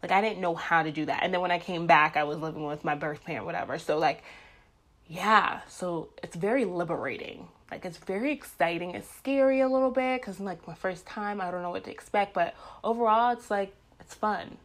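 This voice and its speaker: A young adult woman vlogging to her viewers, telling stories in a blunt, profane and animated ranting way. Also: fairly low pitch, a little fast. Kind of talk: casual ranting monologue.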